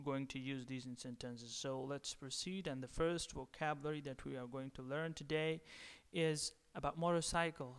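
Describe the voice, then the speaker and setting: A man giving a slow video lecture as a language teacher, repeating each word several times. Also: medium pitch, a bit bright, smooth. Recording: long reverb.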